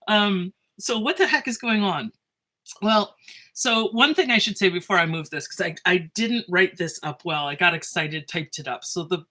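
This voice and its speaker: A woman teacher recording a casual video lesson on her phone. She is excitable and animated, interrupts herself often and keeps laughing. Her voice is bright and sits a little low. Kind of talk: casual lecture video to students.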